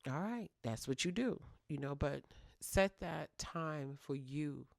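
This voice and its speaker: A woman with a gravelly, creaky voice chats casually and playfully, teasing her listeners like a fond auntie. She talks right at the mic in a dry, close room, with no echo. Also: low-pitched, animated, takes it slowly, a little mellow. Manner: playful, teasing, clowning, with direct address. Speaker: podcast host. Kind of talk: casual advice talk to single mothers.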